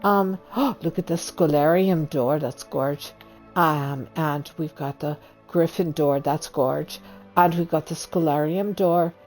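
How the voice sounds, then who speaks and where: A woman's voice: low-pitched, slow, a little mellow. A woman playing a game and chatting casually, playful and teasing, with faint game music behind. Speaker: streamer and co-player. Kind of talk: casual gaming chat.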